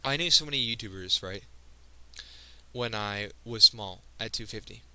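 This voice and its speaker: A teenage guy talks straight to his viewers, sounding emotional. His tone is very bright and cutting, set in a fairly low register. He speaks earnestly and keeps breaking off mid-sentence to start over. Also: very animated, poor audio. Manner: earnest, halting, frequent restarts. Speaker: video creator. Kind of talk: personal vlog monologue.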